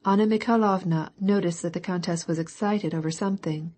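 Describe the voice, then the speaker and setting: A woman narrating a classic novel audiobook in a measured, even reading. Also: lowish voice. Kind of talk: scripted narration.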